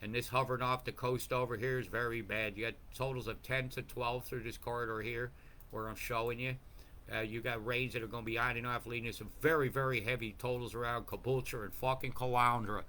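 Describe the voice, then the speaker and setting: A man hosting a rambling weather livestream, profane and excitable, jumping between topics. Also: mid-range voice, a little fast. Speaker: weather channel host.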